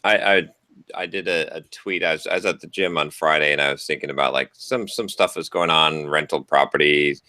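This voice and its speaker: A man with a very low but bright, forward voice chats on a podcast, hesitating, restarting and letting his sentences trail off. The sound is close and dry. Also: fairly quick, no room sound. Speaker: podcast co-host. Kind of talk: casual podcast chat.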